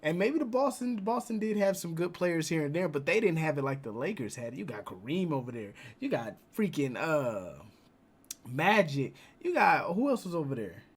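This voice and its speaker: A man's voice: fairly high pitch, big pitch swings, normal speed, slightly rough. A young man hosting a reaction video, talking casually with slang and arguing his points. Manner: casual, uses slang like "bro", argues points.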